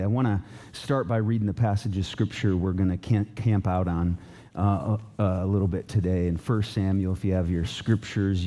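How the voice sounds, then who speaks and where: A man's voice: low voice, mellow. A middle-aged male pastor giving a conversational sermon in a church, talking loosely with fillers and restarts. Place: church auditorium.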